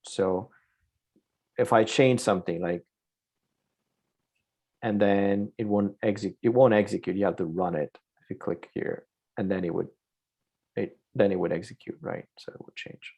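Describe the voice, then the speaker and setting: A man with a fairly low, gravelly, dark voice teaches a live online coding lesson at normal speed, pausing often. As a programming instructor, he moves step by step and asks "right?" after every point.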